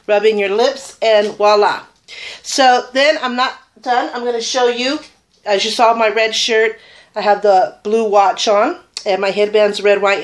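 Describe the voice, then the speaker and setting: A woman chatting casually through a makeup tutorial, rambling and enthusiastic about her products. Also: mid-range voice. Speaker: beauty vlogger.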